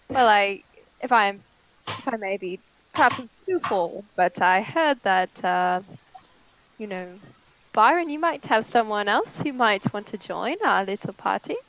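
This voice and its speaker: A woman's voice: fairly high pitch, fairly bright tone, dull audio. A woman playing an eager, polite young wife in a tabletop game, chatty and full of hesitant fillers.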